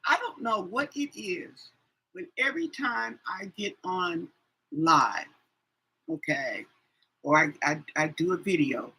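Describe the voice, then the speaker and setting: A husky woman talks slowly and casually as a tarot reader on a live stream. Her voice is bright, and she rambles with many fillers and repeats herself. She yawns often as she talks. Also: on the low side, animated, poor audio. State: yawning often.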